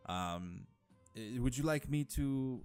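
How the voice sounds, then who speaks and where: A man's voice: mid-range voice, expressive, slow, darkish tone, smooth, soft background music, pitched above the performer's own voice. A man voicing a friendly, polite male caravan leader in a tabletop game, speaking formally with small hesitations. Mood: courteous.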